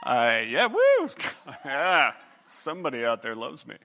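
A middle-aged man tells a comic personal story in an animated way, slipping into other voices and pitches along the way. His delivery is a little slow and creaky.

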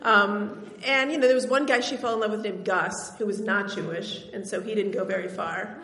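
A woman's voice: medium pitch, steady tone, normal speed, fairly bright tone. A woman from Tennessee telling a personal story on stage, in a conversational, wry way with bits of laughter. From Tennessee, US South. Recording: roomy hall reverb.

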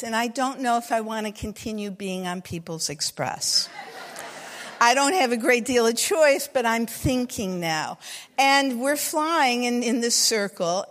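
A woman with a fairly high voice tells a comic story live to an audience, wry and full of vivid detail. She slows down to savor key details. The sound carries a long hall reverb. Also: fairly bright tone.

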